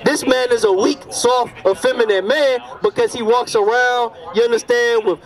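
A man's voice: very high voice, fairly even intonation, moderate pace. A man preaching an emphatic outdoor street sermon, repeatedly checking that his listeners understand. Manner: emphatic, repeats "you understand" and "all right". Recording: distant outdoor street recording.

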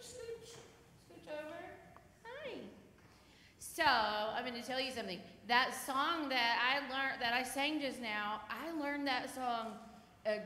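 A woman leading children's time in church, gently and animatedly telling the children a story. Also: high-pitched. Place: church sanctuary. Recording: echoey church hall, faint noise.

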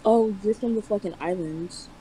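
A woman's voice: medium pitch, moderate pace, slight background noise, rough recording. A woman on a video chat app, talking back bluntly and brashly with profane comebacks, heard over a video call. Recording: video call with loud crowd behind.

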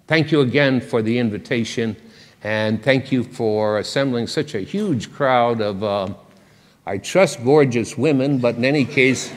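An older man giving a public lecture, wry and conversational, with a self-deprecating humor. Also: medium pitch. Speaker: guest lecturer. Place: large lecture hall. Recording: reverberant lecture hall.

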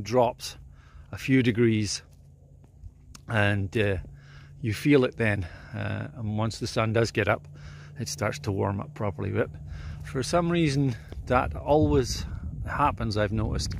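A man, a photographer, chatting casually outdoors at a small airport at dawn, with a relaxed manner and many fillers. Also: mid-range voice, creaky, a little hiss or hum. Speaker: landscape photographer. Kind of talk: casual instructional vlog.

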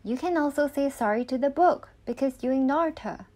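A woman's voice: sits high, fairly quick, mellow, voice pushed up, natural voice. A woman voicing a kind mother who reassures her daughter in a picture book. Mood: reassuring.

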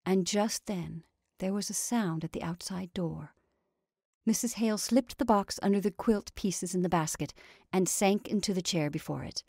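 A woman reading a story aloud in a measured, dramatic way. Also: mid-range voice, vocal fry, warm tone, slightly rough, dry recording, clean studio sound.

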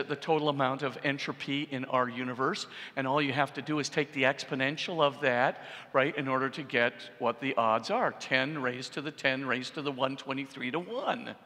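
Man, priest, public lecture, bright forceful voice, long church reverb. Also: fairly high pitch. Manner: animated, repeats for emphasis, asks the audience "right?". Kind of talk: public lecture on science and faith. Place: large church.

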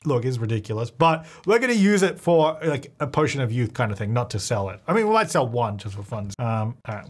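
A man casually commenting on his own gameplay, chatty and thinking aloud, often laughing. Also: on the high side. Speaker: gaming channel host.

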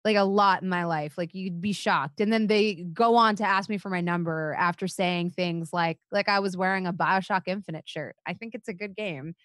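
A woman's voice: fairly low pitch, normal speed, hardly any pauses, no echo, studio quality. A young woman co-hosting a podcast, telling stories in casual chat with lots of "like" and frequent swearing. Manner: animated, frequent "like" fillers, swears. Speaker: podcast co-host.

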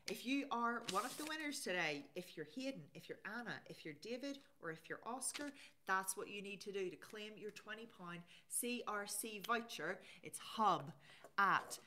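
A woman's voice: medium pitch, lively intonation, unhurried, sharp tone, a little hiss or hum. A woman hosting a casual live stream, chatting and reading out viewer comments. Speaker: livestream host.

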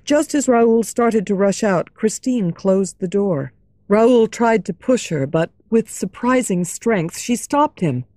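A woman narrating a classic story slowly and clearly for English learners. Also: medium pitch, no echo, studio quality. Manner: slow, clear, expressive storytelling.

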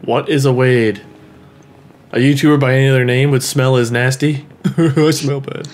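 A man's voice: mid-range voice, steady tone, normal speed, soft background music. A playful young man chatting casually and joking while playing a game with a friend. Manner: jokey, playful, laughs often. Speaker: gaming YouTuber. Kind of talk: casual gameplay chat.

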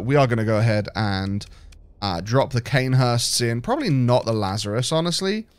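A man's voice: medium pitch, clean tone. Rambling British man playing a game. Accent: British English. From Britain. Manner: rambling, thinks aloud with restarts. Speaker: game streamer. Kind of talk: casual let's-play commentary.

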